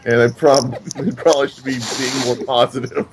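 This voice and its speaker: A man's voice: mid-range voice, flat delivery, moderate pace, background noise. A man co-hosting a casual podcast, chuckling and putting himself down as he talks. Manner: laughing, self-deprecating.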